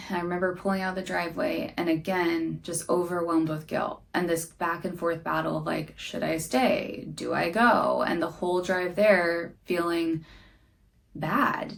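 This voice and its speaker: A woman's voice: on the low side, fairly even intonation, moderate pace, gravelly. A young woman hosting a podcast, speaking earnestly and candidly about her own struggles in a reflective monologue. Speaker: podcast host.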